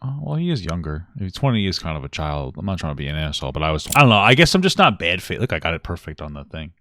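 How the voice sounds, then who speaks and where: A man's voice: deep voice, big pitch swings, rapid-fire, fairly bright tone, dry recording. A young man talking through a live stream reaction, blunt, irritated at times, swearing and saying "like" a lot. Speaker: livestream commentator reacting to a video.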